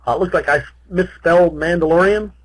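A man's voice: high-pitched, brisk, husky, poor audio. A middle-aged man hosting a live auction, calling bids in a rhythmic repeated chant and cracking self-deprecating jokes between lots. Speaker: auctioneer host.

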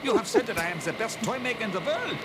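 An actor playing an elderly German toymaker with a German accent in a 1970s children's record drama. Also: male voice, sits high, sing-song, fast, very noisy. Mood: pleading. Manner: pleading, rising to furious threats.

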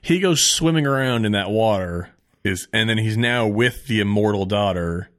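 A man's voice: on the low side, normal speed. A man co-hosting a podcast, rambling casually, swearing and laughing often. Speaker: podcast co-host. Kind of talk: casual chat.

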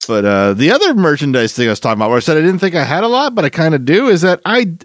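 Male podcast co-host, gravelly, lively delivery, dry studio sound. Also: fairly high pitch, rapid-fire, no echo. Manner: animated, rambling with frequent restarts. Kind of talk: casual chat.

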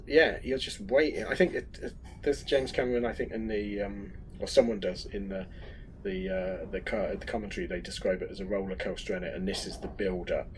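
A man's voice: lowish voice, slight background noise, low-quality recording. A man co-hosting a podcast, chatting casually with playful jokes and rambling asides. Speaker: podcast co-host. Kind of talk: casual chat.

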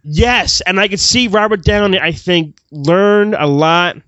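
A man co-hosting a casual movie review podcast, speaking with emphatic enthusiasm. His voice sits a bit high. The recording is dry and a little lo-fi. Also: a little slow, fairly bright tone, no room sound. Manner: emphatic, gushing. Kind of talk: casual chat. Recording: dry, dull lo-fi audio.

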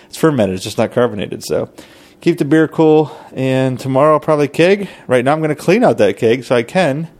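A man's voice: medium pitch, expressive, brisk, a little mellow, no room sound. A man hosting a podcast, giving a casual, rambling update and thinking aloud as he goes. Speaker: podcast host, home brewer.

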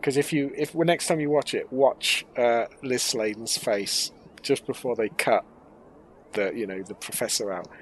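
A man's voice: medium pitch, moderate pace, a little hiss or hum, poor audio. A man co-hosting a casual podcast, making jokey, teasing asides about a TV episode. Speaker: podcast co-host.

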